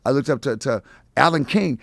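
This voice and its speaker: A man's voice: mid-range voice, lively intonation, normal speed, creaky, dry recording. A middle-aged man, a comedian guest, telling stories in a casual interview and acting out every quote with laughter.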